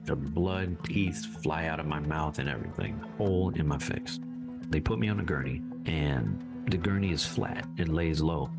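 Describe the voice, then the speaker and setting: Deep gravelly man telling his story. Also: normal speed, loud music behind the voice. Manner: animated, voice jumps high when reliving anger. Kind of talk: casual storytelling.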